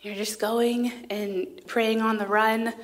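A woman's voice: on the high side, level tone, slow pace. A woman speaking at a women's conference, giving a sermon in a conversational tone with frequent filler words. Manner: reads scripture passages aloud.

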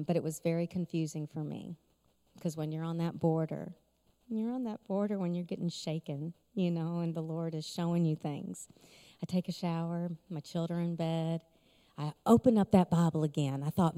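A woman's voice: fairly low pitch, mellow. A middle-aged woman giving an emotional personal testimony at a conference, storytelling with frequent laughs. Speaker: conference speaker. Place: large conference hall. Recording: long hall reverb.

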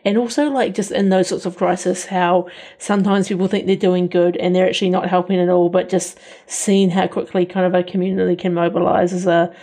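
A woman co-hosting a casual film chat in a lowish, mellow voice. She thinks aloud, with many fillers along the way. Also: little pitch movement, brisk, few pauses. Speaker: film podcast co-host.

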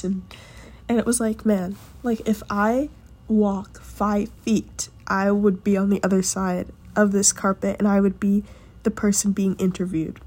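A woman telling a personal story in a casual podcast. Her voice is mellow and dark at a mid pitch. She rambles with lots of fillers and lifts her voice when she acts out what others said. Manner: chatty, lots of fillers, acts out quotes with a raised voice. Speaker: podcast host.

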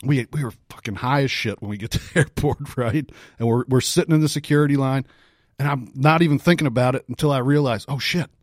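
A man co-hosting a podcast, telling a story in a casual, profane, animated way with frequent laughs. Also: mid-range voice, fast, no room sound, clean studio sound. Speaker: podcast co-host.

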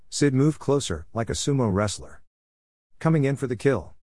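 A man narrating a comic story in an even, wry manner. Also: medium pitch, moderate pace, no echo, clean studio sound. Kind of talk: storytelling reading.

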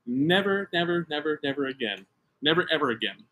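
A man's voice: on the high side, expressive, fairly quick, pushed and bright. A middle-aged American man and podcast co-host, telling a story in casual chat with emphatic, self-mocking energy.

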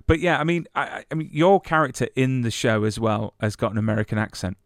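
A man's voice: medium pitch, expressive, fast, no echo, clean studio sound. A man interviewing an actor, chatty, often stumbling and repeating words as he asks his questions.

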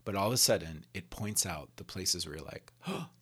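A man's voice: low voice, fairly quick, fairly bright tone, husky, faint music behind. A man co-hosting a casual faith podcast, earnest, telling stories and acting out inner thoughts. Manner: earnest, storytelling, acts out inner voices. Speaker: podcast co-host.

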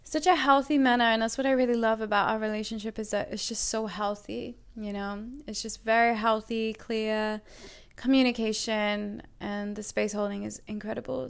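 A woman's voice: a little high, flat delivery, normal speed, creaky, smooth. A young woman telling a personal story to her viewers in a chatty, earnest way, full of "like" and "you know" fillers. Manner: warm and earnest about her feelings. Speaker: vlogger.

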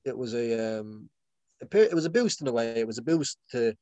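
This young man's voice is mid-range, expressive, and warm, with a brisk pace and no echo. He's in a loose, casual chat, rambling, restarting, and filling gaps with fillers. Laughter comes often.

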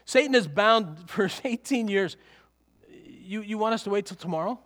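High-voiced preacher in a reverberant hall. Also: male voice, expressive, moderate pace, a bit bright. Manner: conversational, rhetorical questions, chuckling asides. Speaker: pastor. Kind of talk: sermon.

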